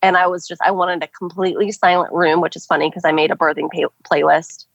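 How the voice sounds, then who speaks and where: A woman's voice: lowish voice, flat delivery, fast, creaky, dry recording. A young adult woman telling a story as a podcast guest, chatty and casual with many filler words. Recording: dull, dry podcast audio.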